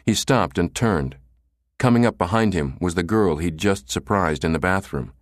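Deep-voiced guy reading an audiobook, dry close sound, steady. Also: moderate pace, dry recording. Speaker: audiobook narrator. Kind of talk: audiobook narration.

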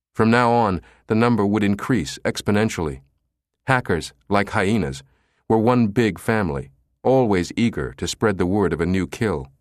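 Expressive male audiobook narrator, low voice. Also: no echo, studio quality. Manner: dramatic, expressive reading. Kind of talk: scripted narration.

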